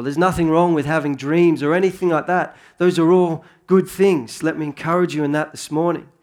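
Man preaching, slightly high voice, conversational, earnest, thirties. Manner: conversational, earnest, with rising emphasis. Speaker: pastor. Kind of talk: sermon.

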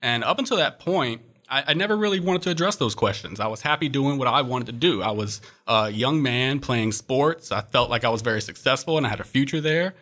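A man's voice: medium pitch, animated, brisk, few pauses, fairly bright tone. A young man as an interview guest, earnestly telling a personal faith story with frequent fillers.

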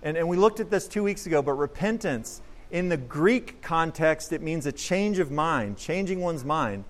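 Earnest high-voiced male preacher. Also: lively intonation, moderate pace. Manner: earnest, emphatic, repeats words while building points. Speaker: pastor. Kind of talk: expository sermon.

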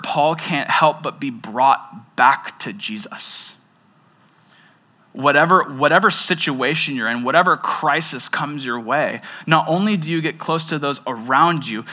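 A young man, a pastor, preaching a sermon and telling a personal story in an animated way, with frequent restarts. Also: medium pitch.

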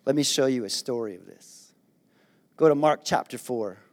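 A man preaching a sermon, retelling a scripture story in a playful, animated way and acting out the characters. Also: medium pitch, normal speed. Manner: animated storytelling, acts out disciples with a raised voice; playful, jokes with the congregation. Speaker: pastor.

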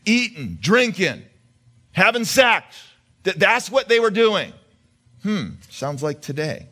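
A man's voice: high voice, very animated, slow pace, sharp tone. A male pastor preaching a conversational sermon, questioning the congregation and often repeating his words.

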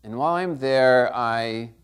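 A man's voice: mid-range voice, a little slow, smooth. A middle-aged man preaching a sermon in a conversational way, often checking in with the congregation. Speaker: pastor.

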